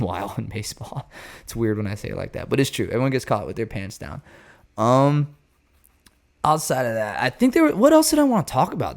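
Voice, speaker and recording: Male baseball show host, casual and rambling, animated and jokey. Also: mid-range voice.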